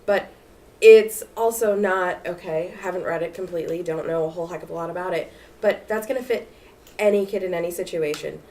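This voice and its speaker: A woman with a somewhat low voice speaks casually on a panel to future teachers. She is lively and chatty, full of fillers. The mic sits far off in the room, with a faint hiss behind. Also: fairly quick. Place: lecture room at a library event.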